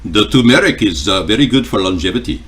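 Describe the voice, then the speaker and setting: A man's voice: fairly low pitch, lively intonation, fast, fairly bright tone, far from the mic. A man hosting a cooking livestream at home, chatting casually and joking with viewers in a rambling way. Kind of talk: casual chat answering viewer comments. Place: home kitchen.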